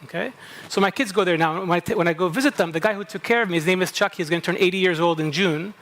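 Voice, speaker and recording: A man's voice: sits high, fast, fairly bright tone. A middle-aged man from Kuwait with a slight New England tinge to his English, giving a conversational talk at a conference and often checking in with the audience. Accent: American-tinged English from New England camp. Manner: conversational, asks the audience "okay?" often, self-interrupting. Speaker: speaker introducing a panel. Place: conference hall.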